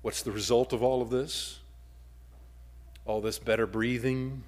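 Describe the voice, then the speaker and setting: A male pastor preaching with wide swings in volume. He rises to forceful emphasis, then drops to soft, breathy near-whispers. His pitch sits at a middle level for a man. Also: steady tone, unhurried. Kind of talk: sermon.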